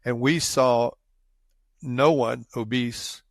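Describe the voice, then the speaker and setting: A man co-hosting a health podcast in a casual, halting way, often restarting his thoughts. His voice has a gravelly, creaky edge at a medium pitch. The sound is close and dry. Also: fairly even intonation, no room sound. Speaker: podcast co-host. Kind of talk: casual chat.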